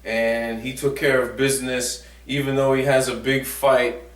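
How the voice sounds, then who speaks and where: A man's voice: mid-range voice, level tone, unhurried. Chatty man recapping boxing, echoey room. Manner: chatty and jokey, with many fillers. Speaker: boxing vlogger. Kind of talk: casual sports recap. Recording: echoey room, mic at a distance.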